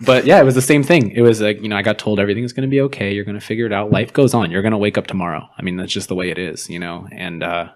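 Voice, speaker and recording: A man's voice: fairly low pitch, racing, hardly any pauses. A man co-hosting a podcast, telling a personal story in an open, self-deprecating way and laughing at himself. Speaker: podcast co-host. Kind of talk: casual chat.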